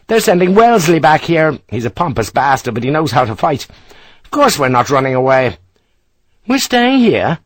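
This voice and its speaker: A man voicing an ebullient, middle-aged Irish engineer captain who speaks briskly and emphatically, with an Irish accent. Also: fairly high pitch, big pitch swings, no echo, voice pushed up.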